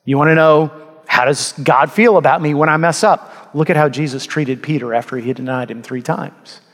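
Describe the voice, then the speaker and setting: Male pastor, slightly higher voice, earnest sermon delivery with emphatic peaks, long hall reverb. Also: moderate pace.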